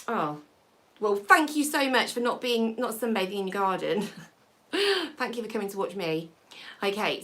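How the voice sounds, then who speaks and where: A woman hosts a live hairstyling stream, explaining each braid step by step. She chats with viewers between steps. Her voice is bright and clear. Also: mid-range voice. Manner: chatty, warm asides to viewers while working. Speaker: hair tutorial host.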